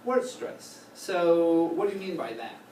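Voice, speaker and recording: A man teaching choral conducting in a classroom, coaching students with a steady run of questions. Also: a little high, unhurried. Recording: roomy, distant, noisy classroom recording.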